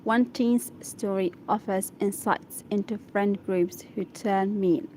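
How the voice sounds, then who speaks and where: A woman's voice: medium pitch, fairly even intonation, slow, a little mellow, slight background noise. A woman whose first language is Arabic reads an English article aloud for practice, stopping to sound out and repeat hard words and to check her pronunciation. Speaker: English learner reading aloud.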